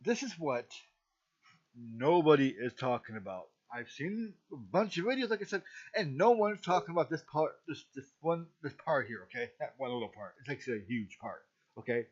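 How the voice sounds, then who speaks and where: A man's voice: mid-range voice, animated, moderate pace. A middle-aged man reviewing a movie in a casual, rambling talk, often stopping to ask "okay?". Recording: dull lo-fi recording.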